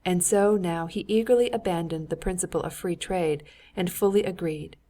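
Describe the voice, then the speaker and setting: Woman audiobook narrator, low-pitched, measured, for literary fiction. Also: warm tone. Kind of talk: scripted narration.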